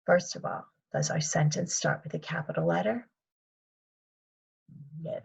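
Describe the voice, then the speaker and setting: A woman's voice: deep voice, unhurried, creaky, a little mellow, breathy edge, rough recording. A woman teaching kindergarten children in a recorded video lesson, talking patiently in a sing-song teacher voice and calling herself by her surname.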